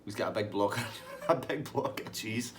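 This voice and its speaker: A man with a Scottish accent telling a sweary, animated pub story and acting out everyone in it. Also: on the low side, normal speed, a little hiss or hum. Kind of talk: casual anecdote.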